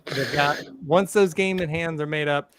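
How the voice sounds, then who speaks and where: A man's voice: fairly high pitch, moderate pace, a little hiss or hum. A man hosting a casual podcast, jokey and rambling, often breaking off mid-thought. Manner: jokey, rambling, self-interrupting. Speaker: podcast host.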